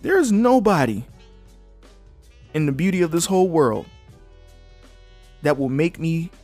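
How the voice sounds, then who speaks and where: A man's voice: on the high side, big pitch swings, unhurried, a little mellow, soft background music. A young man hosting a podcast alone, talking casually and bluntly, reading news articles aloud and breaking in with his own opinions. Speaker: podcast host. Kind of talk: casual solo commentary.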